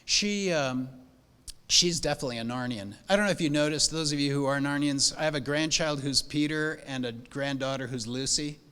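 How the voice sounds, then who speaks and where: A man's voice: fairly high pitch, fairly quick, pushed and bright, clear, resonant tone. An older man, a pastor, giving a rambling, heartfelt welcome speech to new parents, with many fillers and restarts. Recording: hall with long reverb.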